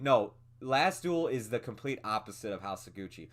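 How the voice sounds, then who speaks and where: A man's voice: mid-range voice, lively intonation, a little fast, few pauses, fairly bright tone. A man co-hosting a movie podcast, talking in a rambling casual way with frequent laughs and fillers. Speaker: podcast co-host. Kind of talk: casual movie review chat.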